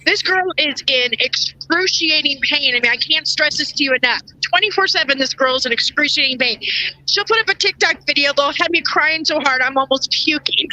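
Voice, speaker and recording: A woman hosting a casual livestream talk show, emotional and quick to laugh, sometimes choked up. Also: sits high, pushed and bright, no echo, rough recording. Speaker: show host.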